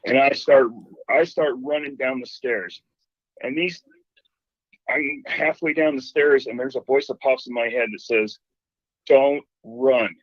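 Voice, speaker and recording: A man calling in to a show and telling a ghost story in an animated way, acting out the voices he quotes. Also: mid-range voice, measured pace, no room sound. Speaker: caller. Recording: dull phone line.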